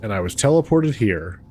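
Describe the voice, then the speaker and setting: A man's voice: lowish voice, very animated, moderate pace, a little mellow, a little hiss or hum. A man hosting a let's play, chatting casually with viewers and laughing often. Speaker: gaming channel host.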